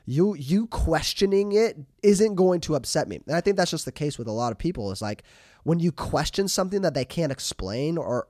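A man hosting a podcast, talking casually and in an animated way, with lots of fillers and restarts. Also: mid-range voice, no room sound, studio quality. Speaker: podcast host.

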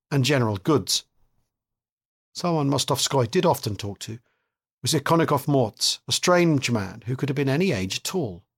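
A man narrating a novel as an audiobook reading, with measured, steady delivery. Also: mid-range voice, husky.

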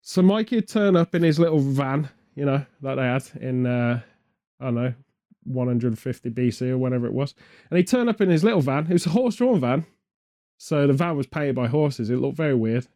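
A man's voice: mid-range voice, warm tone. A man from the UK chatting casually, spinning meandering, absurd comic tangents with a straight face. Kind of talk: comedic rambling chat.

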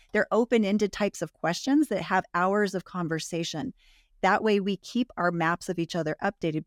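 A woman's voice: on the low side, no room sound, clean studio sound. A woman guest on a relationship podcast, earnestly explaining research findings and repeating points for emphasis. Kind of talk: conversational explaining.

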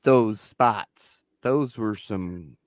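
A man's voice: fairly low pitch, very slow, dry recording. A man co-hosting a podcast, recapping wrestling shows in a laid-back, casual way and laughing easily. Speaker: podcast co-host.

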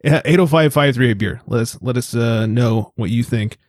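A man's voice: medium pitch, normal speed, dry recording, studio quality. A man from the United States co-hosting a podcast in casual, crude, joking chat, swearing freely. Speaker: podcast co-host.

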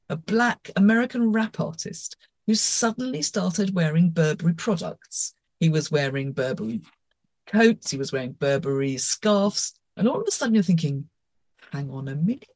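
A woman co-hosting a podcast, talking in a brisk, emphatic way in casual chat. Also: medium pitch, darkish tone, no echo. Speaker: podcast co-host.

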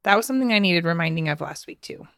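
A woman's voice: fairly low pitch, animated, fast talker, vocal fry, fairly bright tone, dry recording, clean studio sound. A woman in her thirties, a podcast host, telling a personal story in a casual, chatty way with frequent laughs and fillers. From United States.

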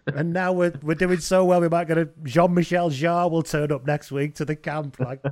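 A man co-hosting a podcast, chatting casually and laughing often, swearing and doing quick mimicry. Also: a little high, steady tone, darkish tone. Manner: giggly, swears, mimics accents. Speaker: podcast co-host. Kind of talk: casual sports chat.

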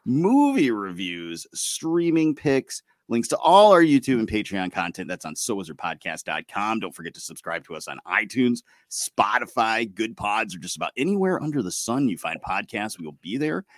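Lively, low-voiced joking podcast host. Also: male voice, no room sound, studio quality. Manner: jokey, quick, laughs often. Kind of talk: casual podcast chat. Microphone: remote recording over a streaming tool.

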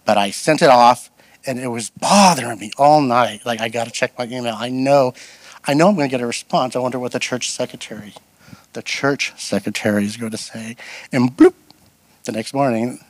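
The recording is dry, capturing a middle-aged man's mid-range voice at a moderate pace. Guest-preaching a storytelling sermon, he's animated and pokes fun at himself, telling humorous personal tales and imitating others' voices.

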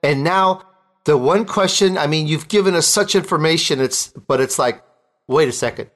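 Excited guy hosting an interview, jokey and chatty. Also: on the high side, moderate pace. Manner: enthusiastic, joking, excitable. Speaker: host. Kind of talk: interview, casual chat.

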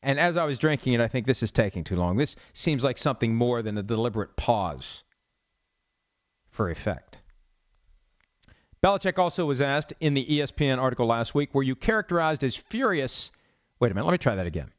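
A man's voice: mid-range voice, big pitch swings, brisk, no room sound, highs cut off. A man hosting a solo sports talk show in a studio, arguing with sarcasm and pointed rhetorical questions. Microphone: studio mic with cough button.

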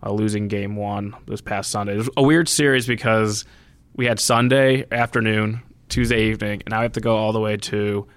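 A man co-hosting a podcast, giving his views on sports bets in a measured, slightly hesitant way. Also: on the low side, fairly even intonation, smooth, no echo. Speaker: podcast co-host. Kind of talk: casual sports betting chat.

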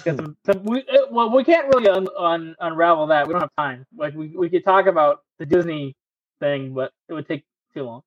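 Male podcast host, high voice, loose rambling chat with swearing, dull recording. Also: brisk, dry recording. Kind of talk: casual chat.

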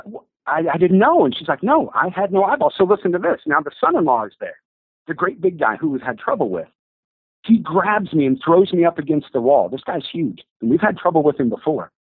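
Husky-voiced man telling an excited story. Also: on the high side, fairly quick, no room sound. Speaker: guest telling a faith story. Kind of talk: animated storytelling. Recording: dry, tinny phone-like audio.

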